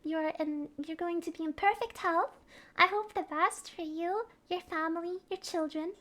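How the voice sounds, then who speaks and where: Very high-voiced playful woman. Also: moderate pace, a bit bright. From Norway. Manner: playful, mock-serious, giggly. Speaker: vtuber streamer. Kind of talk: comedic explainer.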